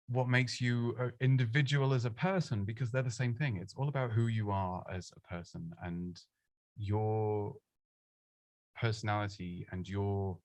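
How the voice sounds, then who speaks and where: A man answers presenting questions in a relaxed, self-mocking way, often restarting his sentences. His voice sits on the lower side and sounds close and dry, with no room around it. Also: no room sound. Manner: chatty, self-deprecating, frequent restarts. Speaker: presenting coach. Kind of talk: casual live Q&A advice. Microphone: close studio microphone.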